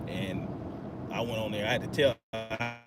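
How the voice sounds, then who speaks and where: A man's voice: fairly low pitch, fairly even intonation, moderate pace, loud music behind the voice. A man hosting a podcast in an agitated, profane, rambling monologue. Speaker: podcast host. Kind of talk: ranting monologue.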